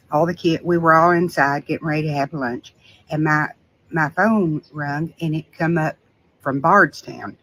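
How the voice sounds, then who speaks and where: A woman's voice: low-pitched, fairly bright tone, slight background noise, poor audio. An older woman, earnestly telling a frightening story in a casual recorded video. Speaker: scam victim telling her story.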